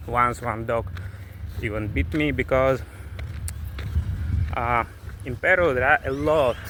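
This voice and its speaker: Bright-voiced man vlogging on a busy street. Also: mid-range voice. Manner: candid, complaining, with halting restarts. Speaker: travel vlogger. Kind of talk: casual vlog monologue. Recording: faint street traffic noise.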